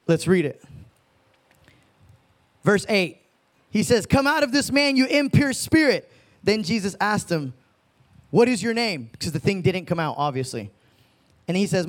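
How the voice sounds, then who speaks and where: A young man preaching a casual sermon, telling stories in laid-back slang and acting out the people in them. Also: high-pitched. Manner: laid-back slang-filled, animated retelling. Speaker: youth preacher.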